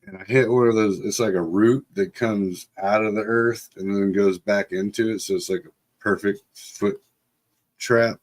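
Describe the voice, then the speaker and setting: On his livestream, a middle-aged man from Texas rambles through a casual story, laughing often and leaning on lots of fillers. He speaks at normal speed in a lowish voice with a steady tone.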